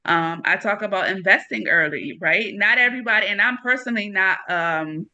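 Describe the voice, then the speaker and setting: Bright, animated woman author. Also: mid-range voice, normal speed, muffled recording. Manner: animated, laughing storyteller with casual slang. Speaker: author guest. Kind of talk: casual interview talk.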